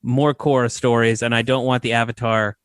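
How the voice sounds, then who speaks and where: A man's voice: mid-range voice, fairly quick, smooth, no room sound. Opinionated podcast host man, dry sound. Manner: relaxed, opinionated, many fillers. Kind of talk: casual chat.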